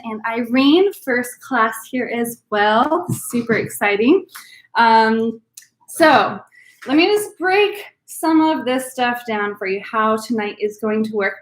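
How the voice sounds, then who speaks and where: A woman hosting a live-streamed virtual wine class, chatty and upbeat, with lots of "um" fillers. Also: high voice. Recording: roomy echo.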